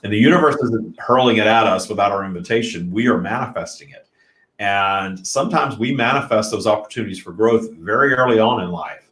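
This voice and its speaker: A man's voice: lowish voice, fairly quick, fairly bright tone. A man hosting a spiritual live stream, talking earnestly and reflectively in a casual way. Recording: echoey room.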